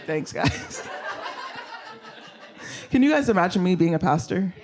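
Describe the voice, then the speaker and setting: A man's voice: sits high, expressive, measured pace, noisy background. A man performing a live stand-up set in a blunt, self-mocking way, swearing freely and talking straight to the crowd. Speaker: stand-up comedian. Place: comedy show venue.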